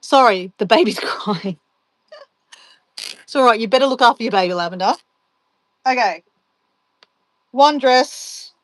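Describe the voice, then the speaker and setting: Reading viewer comments on a livestream, a travel vlogger packs and keeps things playful, laughing a lot and muttering to herself. Her voice is a little high and a little slow, with long pauses and no echo.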